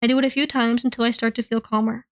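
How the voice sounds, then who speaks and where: A woman reading a novel aloud in the first person, telling the story in an expressive, earnest way. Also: a little high, fast. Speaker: reader.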